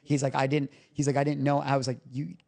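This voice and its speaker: A man's voice: mid-range voice, level tone, fast, creaky, dark tone. Male podcast guest, mid-range voice, candid and emotional, casually profane storyteller. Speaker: recovery coach guest. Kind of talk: podcast interview, personal storytelling.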